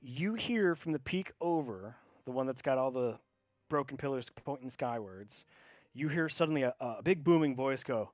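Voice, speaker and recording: A man's voice: mid-range voice, expressive, normal speed, a little mellow, dry recording. Laid-back male game master, dry sound. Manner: loose, filler-heavy description. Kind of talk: narrating a tabletop game.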